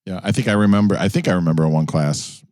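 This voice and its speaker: A man's voice: low voice, fast, no echo, studio quality. A man from New York co-hosting a casual podcast, telling stories easily with plenty of fillers. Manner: relaxed storytelling with frequent fillers. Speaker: podcast co-host. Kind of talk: casual chat. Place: in a jeep.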